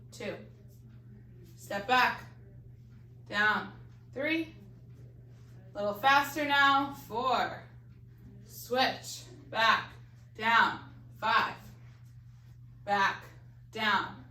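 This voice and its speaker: A woman leads a balance exercise class live, counting reps and giving coaching cues while slightly out of breath. Her voice is on the high side, pushed and bright, and it sounds off-mic in an echoey room.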